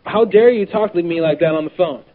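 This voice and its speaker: Brash high-voiced prank caller. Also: male voice, a little fast, a little hiss or hum. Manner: brash, taunting, provocative. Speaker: prank caller, radio host. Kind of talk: prank phone call. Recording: tinny phone line with crowd behind.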